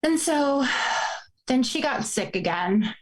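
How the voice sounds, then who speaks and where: 40s woman telling a painful story, voice a bit high, close to crying. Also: animated, takes it slowly, low-quality recording. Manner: emotional, fighting back tears. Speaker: guest. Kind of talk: personal storytelling.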